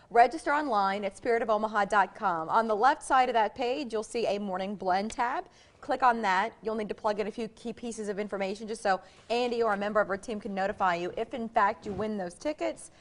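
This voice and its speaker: A woman's voice: mid-range voice, a little fast. A woman co-hosting a morning TV show, friendly and reading out promo details. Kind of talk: casual morning TV chat.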